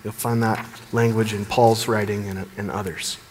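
A man preaching a sermon as pastor, earnest, building emphasis and dropping low at the ends of phrases. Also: little pitch movement, moderate pace, big-room sound, a little hiss or hum.

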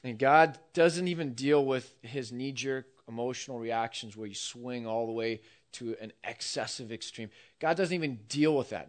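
A man preaching a sermon, telling a story with lively, acted-out quotes. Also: mid-range voice, normal speed. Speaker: pastor.

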